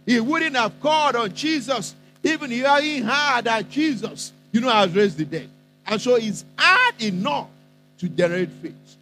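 A man preaching a sermon, emphatic and repetitive, with dramatic pauses between phrases. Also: extremely high pitch, lively intonation, pushed and bright, soft background music, poor audio.

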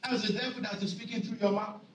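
A man preaching a sermon, stressing scripture phrases by repeating them slowly. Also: high-pitched, fairly even intonation, a little hiss or hum. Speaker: pastor. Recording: echoey room, voice from a distance.

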